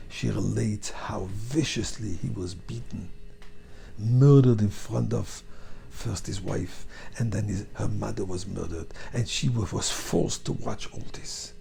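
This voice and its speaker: A man, a rabbi, telling a story as a sermon, acting out the dialogue, dropping to whispers and rising to loud, pleading climaxes. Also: lowish voice, creaky. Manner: dramatic storyteller, acts out dialogue, drops to whispers then builds to loud pleading.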